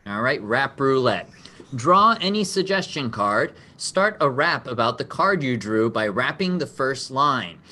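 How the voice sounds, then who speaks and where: A man's voice: medium pitch, big pitch swings, measured pace, pushed and bright. A man hosting an online improv game over a video call, explaining the rules in an upbeat way and laughing often. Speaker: game show host.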